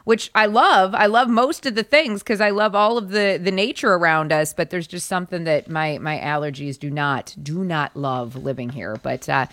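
A woman's voice: fairly low pitch, fairly bright tone, no room sound. A woman from Wisconsin hosting a casual morning show, chatty and chipper, her voice stuffy and congested from allergies. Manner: chatty, chipper, quick to laugh.

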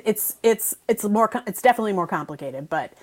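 A woman's voice: mid-range voice, lively intonation, fairly quick, darkish tone. A woman appearing as a guest on a radio talk show, explaining entertainment industry news in detail and often restarting her sentences. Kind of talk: casual radio commentary.

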